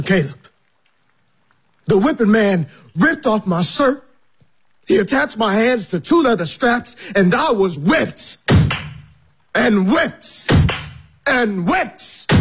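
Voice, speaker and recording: An actor playing a bitter, resentful young man who speaks slowly and taunts, with a raspy voice. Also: very high voice, heavily acted. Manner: slow, taunting, repeats his words.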